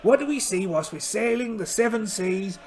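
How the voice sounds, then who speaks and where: Putting on a gravelly, high voice, a man plays a cheerful, blustering pirate captain with one eye, narrating a solo tabletop game in character. His delivery is theatrical and full of exclamations, expressive and slightly mellow at a normal pace, with a rousing mood.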